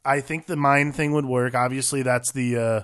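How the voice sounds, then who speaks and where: A man's voice: medium pitch, flat delivery, moderate pace, a bit bright. A man co-hosting a casual movie chat, rambling through odd comparisons and swearing as he acts out little quoted lines. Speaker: podcast co-host.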